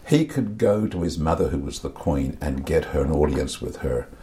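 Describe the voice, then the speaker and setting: A man's voice: rumbling low, lively intonation, normal speed, dark tone, slight background noise. A middle-aged man talking candidly about faith and his inner life, earnest and confessional, often repeating words as he searches for them. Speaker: podcast guest.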